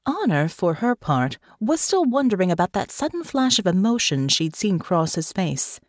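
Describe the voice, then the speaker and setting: A woman's voice: mid-range voice, big pitch swings, moderate pace, dry recording, studio quality. A woman reading a fantasy novel aloud as audiobook narrator. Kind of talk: scripted narration.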